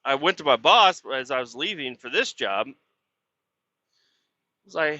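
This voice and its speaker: Man, truck driver, very bright edgy voice, casual rambling monologue, profane and grumbling, dull lo-fi recording, dry close sound. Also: on the high side, animated, unhurried, pauses often, no echo. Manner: profane, grumbling and frustrated, with many fillers. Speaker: truck driver hauling water; podcast host.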